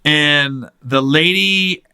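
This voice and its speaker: Fortysomething guy hosting a podcast, bright tense voice, sits a bit high, cussing a lot while he tells a story. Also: very slow, gravelly, clear, resonant tone. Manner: animated, acts out other people's voices in quotes, swears freely. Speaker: podcast host. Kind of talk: casual storytelling chat.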